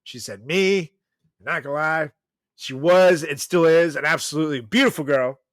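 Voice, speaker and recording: A podcast co-host with a fairly high, slightly bright voice chats casually and crudely at normal speed, laughing often and rambling with fillers. The studio sound is clean, with no room sound.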